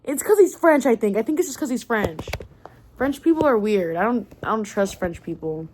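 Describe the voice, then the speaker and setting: A young woman recapping a book in a casual, excitable rant, swearing freely and filling her talk with "like" and "um". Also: a little high, moderate pace, slight background noise. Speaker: book vlogger.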